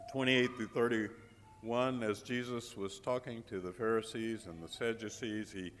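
Slow-speaking man preaching in a reverberant hall. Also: mid-range voice. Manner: slow, dramatic pauses, emphatic repetition. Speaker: guest preacher. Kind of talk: sermon with storytelling.

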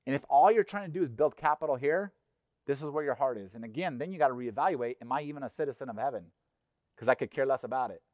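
A middle-aged man preaching a sermon in a conversational, animated way, acting out little voices. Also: medium pitch, quick pace, dry recording, clean studio sound. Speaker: pastor. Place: church.

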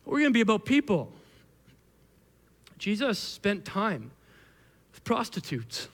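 A male pastor preaching a sermon to a live congregation, telling the story in an animated, conversational way with frequent restarts. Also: high-pitched, slow pace, creaky. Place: church hall with a live congregation. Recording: long hall reverb.

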